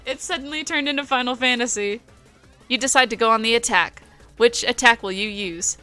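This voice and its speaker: Bright-voiced, nasal young woman streaming a game. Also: on the high side, very animated, normal speed, soft background music. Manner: playful, laughing, mocking asides. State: nasal from a cold. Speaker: streamer playing a dating game. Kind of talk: reading game text aloud with reactions.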